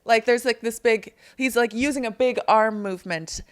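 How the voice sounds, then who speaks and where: A woman hosting a podcast in casual chat, bubbly and gushing, quick to laugh. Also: fairly high pitch, smooth. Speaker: podcast host and actor. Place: design showroom, indoors.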